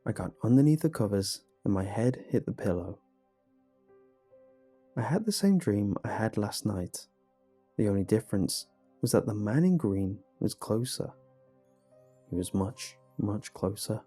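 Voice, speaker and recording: A man narrating a first-person horror story in a measured, hushed way. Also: on the low side, expressive, breathy edge. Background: faint music.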